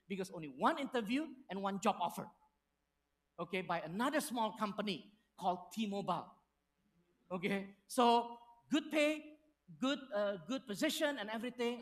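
Storytelling pastor preaching. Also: male voice, sits high. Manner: storytelling with lively acted-out quotes, non-native phrasing. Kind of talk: sermon.

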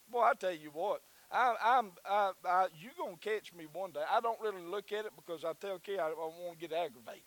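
Brief: Southern pastor, high-pitched man, folksy and fervent, sermon delivery. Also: brisk, few pauses, fairly bright tone, poor audio. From Southern United States. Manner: folksy, repetitive, rising to fervent preaching.

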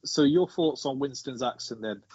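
Male podcaster, easygoing and talkative, slightly husky voice. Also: medium pitch, normal speed, a little mellow, muffled recording. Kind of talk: casual film discussion.

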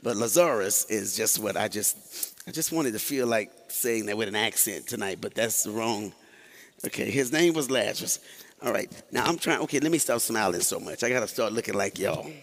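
A man's voice: on the low side, lively intonation, moderate pace, a bit bright. A pastor preaching a sermon to his congregation in a church, folksy and joking, with asides and call-and-response. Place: church sanctuary. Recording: long hall reverb.

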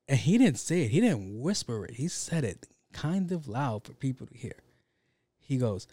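A podcast host telling a story in a casual, rambling, profane and joking way, speaking into a studio mic. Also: male voice, medium pitch, sing-song, normal speed, mellow, breathy edge, no echo. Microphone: handheld studio mic.

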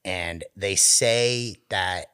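Deep, smooth, and very slow, this man's voice carries a story he's telling as a podcast co-host in casual conversation. He's animated and profane, acting out the voices of those in the tale.

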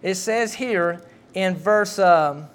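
A middle-aged man with a drawl preaches in a high-pitched voice. He tells homespun stories in a folksy, conversational way and acts out the dialogue as he goes. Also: slow pace, clear, resonant tone. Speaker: pastor. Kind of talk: sermon with personal story.

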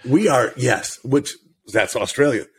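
Husky-voiced, laughing co-host. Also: male voice, mid-range voice, measured pace, fairly bright tone. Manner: laughing, playful joker. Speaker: podcast co-host. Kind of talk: casual chat. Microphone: studio microphone.

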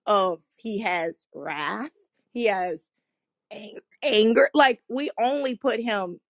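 A woman's voice: mid-range voice, gravelly, dry recording, clean studio sound. A woman co-hosting a casual faith podcast, talking in a preachy, affirming way with punchy repeated phrases. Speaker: podcast co-host.

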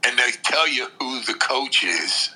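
A man's voice: medium pitch, animated, measured pace, bright, forceful tone, low-quality recording. A man co-hosting a podcast, ranting and telling heated stories in casual chat. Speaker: podcast co-host.

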